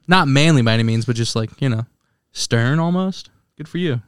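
A man's voice: medium pitch, lively intonation, brisk, clean tone, no echo. Young male co-host, casual rambling talk, dry close recording. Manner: rambling, profane, full of "dude". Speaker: podcast co-host. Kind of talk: casual chat.

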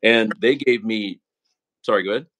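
A lowish, somewhat bright male voice at a moderate pace belongs to a young man giving casual, conversational testimony in an interview. Emotional and earnest, he frequently tosses in "man" and "right?"

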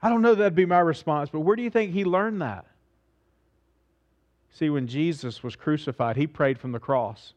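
A man preaching a sermon with a voice a little higher than most men's. He is earnest, asks questions of his listeners and repeats phrases to drive them home. The recording sounds dull and lo-fi. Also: normal speed. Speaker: pastor.

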